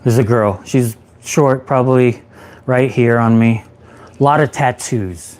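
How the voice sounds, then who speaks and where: A man in his thirties, a peer support specialist, telling his own recovery story on a livestream in an animated way, acting out what he said back then. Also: mid-range voice, measured pace.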